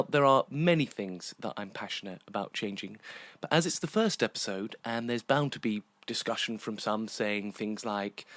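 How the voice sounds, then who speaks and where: A man's voice: mid-range voice, fairly bright tone, no room sound. A British man hosting a theatre podcast, chatty and teasing with guests and talking at length on his own. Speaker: podcast host and theatre director. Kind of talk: casual interview chat and monologue.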